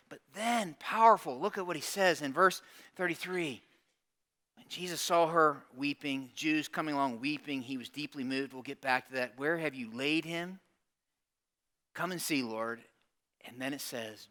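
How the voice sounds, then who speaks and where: A pastor preaching a sermon in church, animated, acting out the people he quotes and putting questions to the congregation. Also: mid-range voice, moderate pace.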